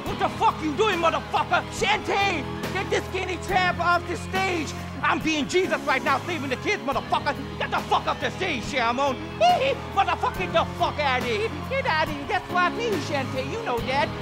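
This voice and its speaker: A shrieking, foul-mouthed pop star. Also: male voice, animated, normal speed, few pauses, loud music behind the voice. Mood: furious. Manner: screeching, swearing, falsetto rants.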